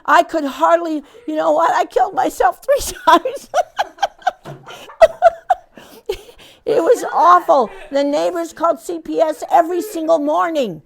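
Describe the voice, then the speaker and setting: A woman's voice: high voice, sing-song, unhurried, a little hiss or hum, voice pushed up, heavily acted. A woman playing a pushy, oversharing busybody who lectures a tired mother and tells exaggerated tragic stories while laughing, in a comic training role-play. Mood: melodramatic.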